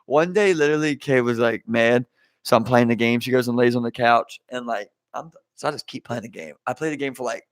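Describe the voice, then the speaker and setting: A man co-hosting a podcast, telling animated stories in casual chat and calling his friend "bro". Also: mid-range voice, fairly quick, no room sound, clean studio sound. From Maryland, US. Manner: animated storyteller, says "bro". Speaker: podcast co-host.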